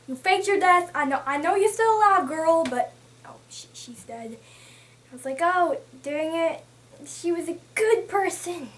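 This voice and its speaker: High-voiced chatty young woman. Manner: chatty and excitable, thinking aloud with many restarts. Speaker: book vlogger. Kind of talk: casual book talk.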